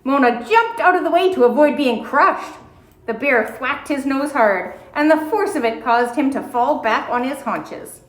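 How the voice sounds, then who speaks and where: Slow, lively woman reading a storybook aloud. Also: high voice, echoey room, rough recording. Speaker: audiobook reader. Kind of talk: storybook read-aloud narration.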